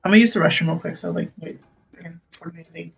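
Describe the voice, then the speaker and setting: A game master running a casual tabletop game, hesitant and halting with many fillers. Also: medium pitch, fairly even intonation, vocal fry, husky.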